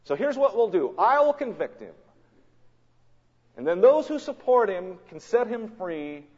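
A preacher voicing a scheming Roman governor who bargains and persuades, recorded in a big reverberant hall with dull sound. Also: male voice, sits high, sing-song, a little slow, a little mellow, voice pushed up, exaggerated voice. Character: scheming Roman governor, middle-aged man.

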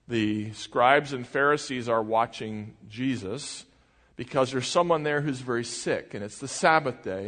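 A man's voice: mid-range voice, a bit bright. A male pastor giving a sermon in a conversational way, asking the congregation questions as he goes. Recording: long reverb of a large hall.

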